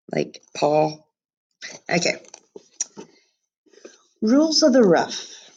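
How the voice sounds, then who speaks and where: Low-voiced teacher reading aloud on a webcam. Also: female voice, vocal fry, a little mellow. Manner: chatty asides to students.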